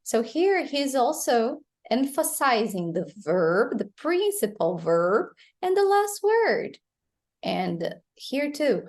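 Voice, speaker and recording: A woman with a Brazilian Portuguese accent teaching English pronunciation, explaining slowly and modeling phrases for students to repeat. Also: fairly high pitch, sing-song, a little mellow. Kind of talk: pronunciation lesson.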